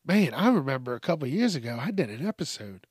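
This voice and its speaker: A man's voice: medium pitch, very animated, quick pace, slightly rough, dry recording, clean studio sound. A tired man hosting a casual solo podcast late at night, rambling and swearing as he trails off and restarts. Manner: rambling, profane, self-interrupting. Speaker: podcast host.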